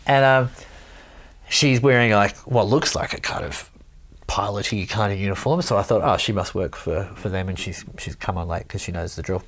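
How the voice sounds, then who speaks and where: A man's voice: fairly low pitch, normal speed, fairly bright tone. A Welsh man from Wales telling a rambling story in casual chat, laughing often and swearing now and then.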